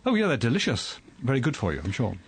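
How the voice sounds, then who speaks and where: Husky, animated male scientist guest. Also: mid-range voice, quick pace. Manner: animated, amused storytelling. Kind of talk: radio studio interview.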